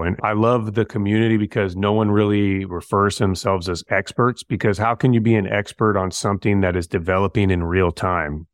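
A middle-aged man, a firefighter guest, telling stories in a relaxed, slangy way and acting out bits of dialogue. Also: on the low side, dry recording, studio quality. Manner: laid-back, slangy, acts out dialogue. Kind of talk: casual storytelling interview.

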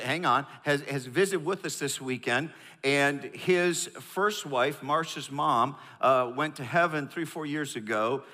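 In a large church auditorium with a big-room sound, a man from the northern United States preaches a sermon in a high-leaning, sharp voice. The pastor is emphatic and calls on the congregation to repeat lines after him.

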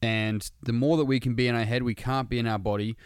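Man with a smooth, resonant voice; earnest, laid-back talk with some swearing, recorded dry. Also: mid-range voice, steady tone, quick pace, no room sound. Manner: earnest, casual, swears freely. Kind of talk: casual motivational monologue.

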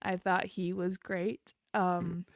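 A woman with a lowish voice speaks slowly in a dry recording. She co-hosts a casual podcast chat as an animated, giggly storyteller, laughing often as she tells her stories.

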